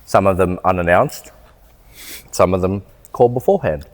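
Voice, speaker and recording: A man's voice: low voice, moderate pace, long reverb tail. A man, a car salesman and podcast co-host, trading joking, teasing banter in casual chat. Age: 20s. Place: car showroom.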